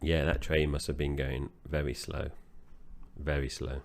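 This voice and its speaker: A man co-hosting a film podcast, recapping the plot in an easygoing, slightly halting way. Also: very deep voice, flat delivery, vocal fry. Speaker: podcast co-host. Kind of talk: casual film-review chat.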